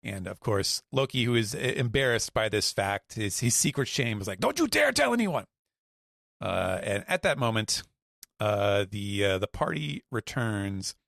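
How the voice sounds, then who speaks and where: A man's voice: lowish voice, normal speed, vocal fry, fairly bright tone, dry recording, clean studio sound. A man recapping a comic chapter on a podcast, hesitant with many fillers. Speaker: podcast panelist.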